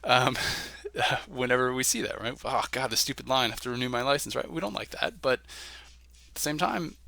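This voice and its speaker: Gravelly man lecturing, bright. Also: medium pitch, no echo. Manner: conversational, many "um"s and "right?" checks. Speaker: college instructor. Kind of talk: recorded lecture.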